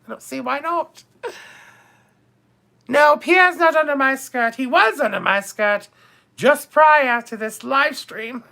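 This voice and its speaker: A man's voice: extremely high pitch, slow pace, creaky, pauses often, bright, forceful tone, exaggerated voice. A man playing a bawdy, gossipy older duchess on a comedic live stream, theatrically calling viewers darling and my dears.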